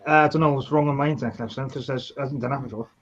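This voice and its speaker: A man's voice: mid-range voice, steady tone, rapid-fire, dull audio. A man hosting a live model-building stream, chatting casually and teasing his friends. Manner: joking, teasing, mumbles to himself. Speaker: model-building livestream host.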